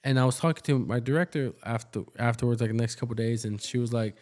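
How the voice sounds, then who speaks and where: A man's voice: mid-range voice, quick pace. A man in his thirties, an ER nurse co-hosting a podcast, telling work stories in casual chat and acting out the quoted dialogue. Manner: animated, acts out quoted dialogue.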